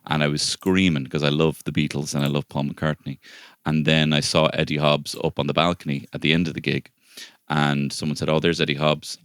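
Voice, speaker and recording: A deep-voiced man co-hosting a comedy podcast, telling rambling stories and cursing freely. His voice sits very low and the recording is close and dry. He tends to burst into loud, high impressions mid-story. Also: dry recording. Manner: animated storyteller, swears freely, breaks into high shouted impressions. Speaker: podcast co-host. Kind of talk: casual comedic chat.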